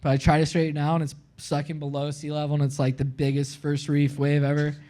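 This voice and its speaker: Casting note: man from Florida, somewhat higher voice, animated live-podcast storyteller, says "like" constantly. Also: quick pace. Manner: animated, heavy use of "like", acts out his own quotes. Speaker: podcast guest.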